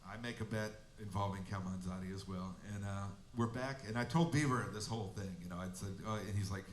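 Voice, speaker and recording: A man's voice: lowish voice, quick pace, hardly any pauses, a little hiss or hum. A male musician telling a casual, rambling anecdote between songs at a live venue, through a stage mic. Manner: rambling, amused storyteller. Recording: echoey live room with band.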